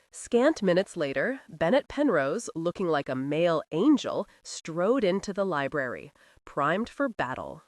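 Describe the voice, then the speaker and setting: A woman narrating a romance audiobook in an expressive storytelling way. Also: fairly low pitch, measured pace, no echo, studio quality. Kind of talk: scripted narration.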